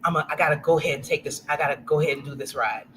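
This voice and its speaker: A woman's voice: sits low, racing, a little hiss or hum, rough recording. A woman in her forties from Louisiana, a guest telling a casual story and acting out the voices of the people in it. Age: 40s. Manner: animated, acts out quoted voices.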